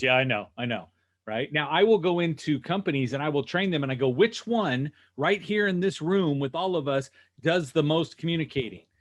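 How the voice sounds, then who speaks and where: A man coaching dealership sales staff over a video call, energetic and rhetorical, constantly checking in with "right?" and "okay?". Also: mid-range voice, muffled recording. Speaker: sales trainer. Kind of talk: animated teaching on a video call.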